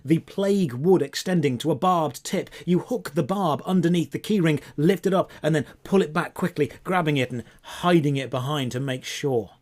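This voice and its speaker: A man running a tabletop game as game master, narrating scenes in a descriptive, drawn-out way. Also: on the high side, darkish tone.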